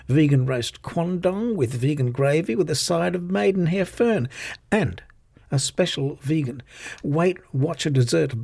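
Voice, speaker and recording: A man's voice: a little high, gravelly, darkish tone, breathy edge, no echo, voice pushed up, full character voice. A man voicing a fussy, chattering young vegan woman who complains nonstop in a storybook reading. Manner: babbling, aggrieved.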